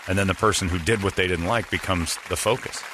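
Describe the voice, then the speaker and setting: A man hosting a podcast, telling stories in a sarcastic, animated casual chat. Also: low-pitched, fast, noisy background. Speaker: podcast host.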